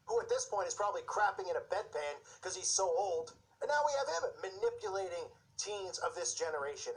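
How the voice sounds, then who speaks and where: A man's voice: high-pitched, low-quality recording. Fired-up sarcastic man. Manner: fired-up, sarcastic, mocking impressions. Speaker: Christian commentator. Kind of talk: impassioned video commentary.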